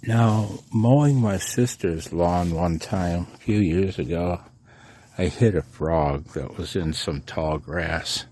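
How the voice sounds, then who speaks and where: Sleepless hobbyist vlogger, man, low and unhurried, chuckles through his stories. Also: warm tone. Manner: chuckling, rambling storyteller. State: sleepless, late at night. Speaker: amateur radio vlogger. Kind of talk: casual chat to camera.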